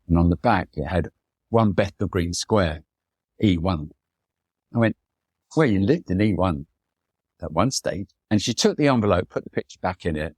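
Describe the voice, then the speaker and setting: A man's voice: low-pitched, no echo, studio quality. A man, a photographer, talking as a podcast guest, telling long rambling personal stories and mimicking the people he quotes. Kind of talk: reflective storytelling in conversation.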